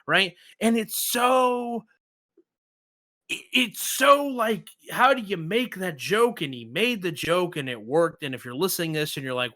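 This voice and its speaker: A man's voice: on the high side, unhurried, no echo, studio quality. A man hosting a podcast, chatting casually and animatedly acting out the jokes he retells. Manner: animated storyteller, acts out quotes. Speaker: podcast host.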